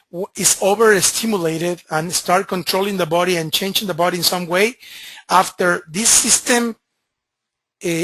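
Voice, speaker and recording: Spanish-accented presenter doing a medical webinar, halting, lots of restarts, dry close sound. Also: mid-range voice, a bit bright, no room sound. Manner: halting, with frequent restarts and apologies. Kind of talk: webinar lecture.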